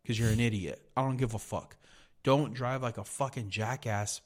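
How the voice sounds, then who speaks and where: A man's voice: medium pitch, steady tone, normal speed. A man hosting a podcast, telling a heated, profanity-filled story in a casual rant. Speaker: podcast host.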